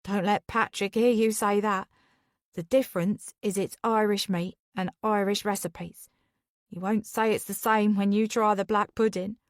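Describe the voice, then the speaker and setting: A woman's voice: mid-range voice, steady tone, no echo, studio quality, lightly acted. A woman whispering as a cheery bantering cook. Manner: brisk and friendly. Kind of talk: whispered role-play.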